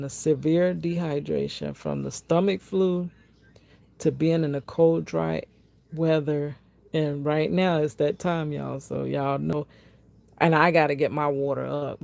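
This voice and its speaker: A woman vlogger telling a personal health testimony in an animated way, acting out what people said and talking straight to her viewers. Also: sits low, vocal fry. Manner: animated, acts out quotes, talks straight to viewers.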